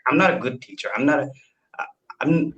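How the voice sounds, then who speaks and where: A young man from India talks over a video call in an eager, self-deprecating way, stumbling and restarting as he explains himself. His voice sits at an ordinary middle pitch for a man. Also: fairly quick, a bit bright, lo-fi sound. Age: 20s. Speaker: language learner. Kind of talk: casual video call conversation.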